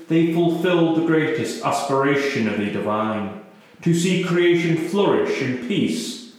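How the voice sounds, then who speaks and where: A man reading a scripture-style story as narrator, with a slow, solemn storytelling cadence. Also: fairly high pitch, lively intonation. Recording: very echoey room.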